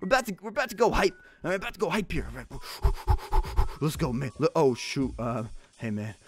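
A young man talks through his gameplay in a quick, casual way, his voice sitting a little high. It swoops up and down, and he jumps into high yelps whenever things go wrong, filling his talk with like and bro. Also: background noise. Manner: excitable, bursts into high yelps when losing; says like and bro a lot. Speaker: gaming YouTuber.

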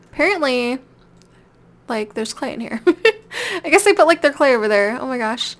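A woman with a high, light voice narrates her gameplay in a casual let's-play style. She chats along as she plays and talks directly to the characters on screen, as if they could hear her. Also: a bit bright. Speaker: gameplay video creator.

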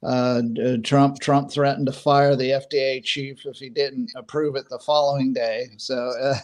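A man on a podcast panel who speaks haltingly, with many fillers and restarts, and adds dry sarcasm. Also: mid-range voice, little pitch movement. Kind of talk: casual panel discussion.

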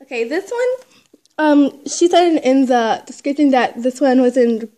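A woman chatting excitedly while unboxing a toy haul, gushing and squealing, then dropping to hushed whispers. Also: sits high, normal speed. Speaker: toy collector vlogger.

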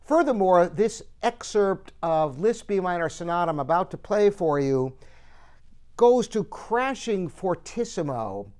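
High, clear-voiced man presenting a piano. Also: very animated, unhurried, a little mellow. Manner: enthusiastic, admiring. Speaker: piano store host and pianist. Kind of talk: product demonstration talk.

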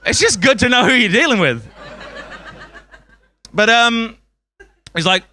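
A man's voice: very high voice, lively intonation, a little slow, long pauses, pushed and bright, a little hiss or hum. A man doing a stand-up comedy set on a club stage, swearing a lot and chuckling at his own jokes.

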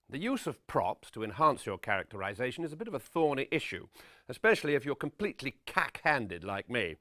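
A pompous vain old-school actor. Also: male voice, medium pitch, a bit bright, dry recording. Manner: pompous, self-regarding theatrical lecturing. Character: vain pompous middle-aged male character actor. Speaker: actor giving acting advice. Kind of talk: deadpan spoof documentary address.

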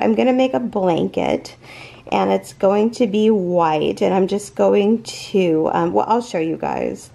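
A woman hosting a crochet channel, gushing and stammering with excitement as she opens packages from followers. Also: mid-range voice, vocal fry, rough recording. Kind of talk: excited unboxing vlog.

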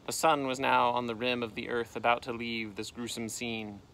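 A man, a teacher, reading a storybook aloud outdoors, with lively voices for the characters and a gentle sign-off. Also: medium pitch, moderate pace. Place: outdoors in a canoe.

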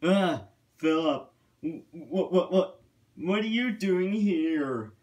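A man's voice: mid-range voice, fairly even intonation, slow, natural voice. A man voicing a scared young male tank engine who stammers in a panic in a storybook tale. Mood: frightened.

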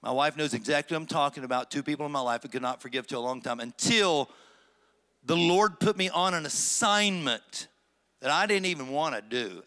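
Middle-aged male pastor, sermon delivery, bright forceful tone, slightly high voice, dramatic pauses. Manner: preaching with rising emphasis and dramatic slow phrases.

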